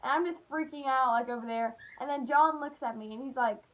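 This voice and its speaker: A young woman telling a childhood story on her vlog, animated and full of "like", acting out the voices. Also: sits high, brisk. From Appalachian United States. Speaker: vlogger. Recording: dull lo-fi recording.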